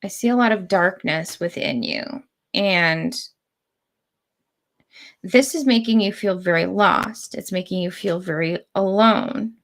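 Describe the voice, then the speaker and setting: A woman giving spiritual readings on a live stream, speaking in slow, deliberate, drawn-out phrases. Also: mid-range voice. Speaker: spiritual reader.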